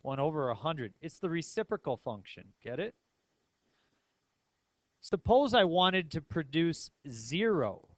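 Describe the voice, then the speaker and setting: A man's voice: a little high, sing-song, measured pace, pauses often, no room sound. Playful male math teacher, dry sound. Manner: playful, asks the class many questions. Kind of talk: classroom lecture.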